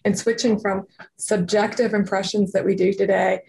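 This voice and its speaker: Guest: woman with a foreign accent, earnest, explanatory, gravelly edge. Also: medium pitch, level tone, moderate pace, darkish tone. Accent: non-native English. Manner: earnest, explanatory, many fillers. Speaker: guest, radiologist and company founder. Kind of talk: interview answers.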